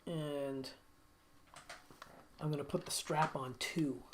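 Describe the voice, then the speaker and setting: A man's voice: fairly high pitch, steady tone, slow pace, very noisy. A middle-aged man hosting a guitar livestream, chatting casually and telling stories with frequent laughter. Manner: chatty storyteller, laughs often.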